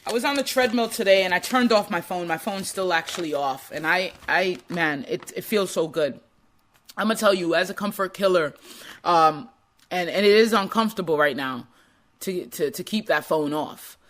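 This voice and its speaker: A woman speaking in an animated motivational monologue, acting out quoted voices as she goes. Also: lowish voice, normal speed, slight background noise.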